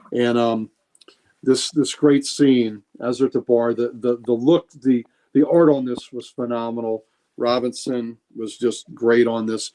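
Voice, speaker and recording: A man's voice: mid-range voice, a little mellow. Rambling man retelling a comic. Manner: retells comic scenes, many restarts and fillers. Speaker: podcast co-host. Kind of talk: casual podcast chat.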